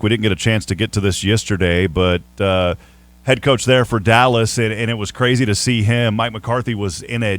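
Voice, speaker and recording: A man's voice: on the low side, dry recording. A man with a Southern accent, hosting a sports radio show in a chatty, rambling way with playful ribbing. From Texas. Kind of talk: casual sports talk.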